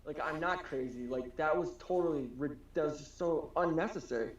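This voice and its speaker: Podcast co-host, man, rambling animated storyteller, slightly high voice, roomy and dull recording. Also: a little fast. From Wisconsin, USA. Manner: rambling, animated, swears freely, acts out quotes. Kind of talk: casual conversation, storytelling.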